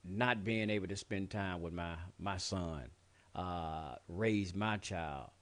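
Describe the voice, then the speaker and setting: A man's voice: sits low, slow. A man hosting a show, talking candidly and bluntly in a heartfelt personal monologue, swearing often and saying "man" a lot. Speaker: show host.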